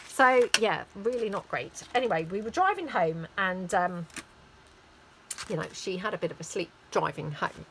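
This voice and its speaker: A woman's voice: on the low side, animated, normal speed, a bit bright, slight background noise, poor audio. A woman chatting casually while she crafts, rambling and full of fillers. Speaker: craft vlogger.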